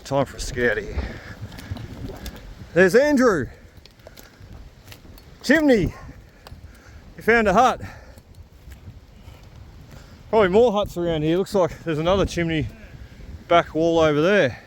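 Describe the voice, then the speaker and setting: A man's voice: sits high, sing-song, unhurried, pauses often, a little hiss or hum. A man with an Australian accent, chatting casually to his camera as a metal detecting vlogger while out on a rainy hillside. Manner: chatty, laughs easily. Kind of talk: casual outdoor vlog narration.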